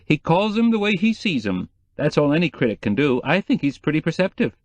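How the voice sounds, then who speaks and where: A man's voice: a little high, big pitch swings, brisk, no echo, voice pushed up. A man voicing a cheeky young male houseboy in an audiobook, breezy and mock-indignant.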